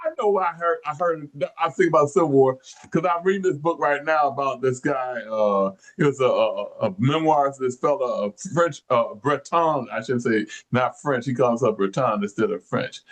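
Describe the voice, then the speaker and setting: A man's voice: medium pitch, normal speed. A man co-hosting a casual podcast, rambling and correcting himself as he thinks aloud. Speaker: co-host.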